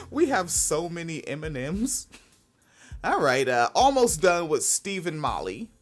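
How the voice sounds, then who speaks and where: Profane, animated woman podcast host. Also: measured pace, faint music behind. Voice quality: fairly high-pitched voice. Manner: profane, laughing, rambling. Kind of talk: casual podcast chat.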